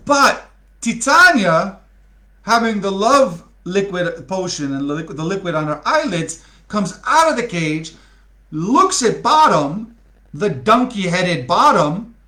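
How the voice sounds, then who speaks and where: A man's voice: high-pitched, sharp tone. A man reading a storybook aloud to a live audience, playfully asking them questions as he goes. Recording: roomy echo.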